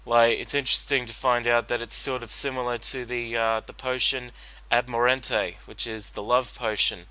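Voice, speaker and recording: A man's voice: medium pitch, level tone, normal speed, pushed and bright, low-quality recording. A man giving a solo commentary on a cartoon episode, rambling with many fillers and restarts. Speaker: reaction commentator.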